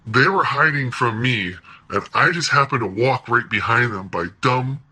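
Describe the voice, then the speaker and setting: A man telling a personal story in a casual, animated way, swearing often and laughing between lines. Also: medium pitch, moderate pace, slightly rough, poor audio.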